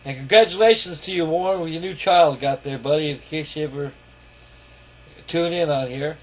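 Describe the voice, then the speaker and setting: A man's voice: on the high side, normal speed. A man casually narrating a walk-around of his scale model, folksy and rambling, calling his viewers folks. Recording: lo-fi camera audio.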